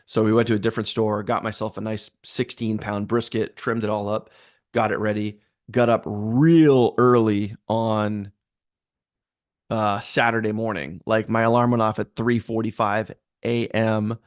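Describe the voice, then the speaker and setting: A man's voice: fairly low pitch, little pitch movement, unhurried. Upbeat rambling man hosting a livestream. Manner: upbeat, rambling, greets viewers by name. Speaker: livestream host. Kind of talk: casual live-stream chat.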